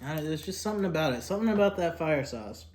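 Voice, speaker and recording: A young man talking casually about fast food in an eating vlog. He rambles, fills pauses with "like" and "kinda", and talks while eating. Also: a little high, expressive. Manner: rambling, filler-heavy, drifting softer and louder. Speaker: food vlogger.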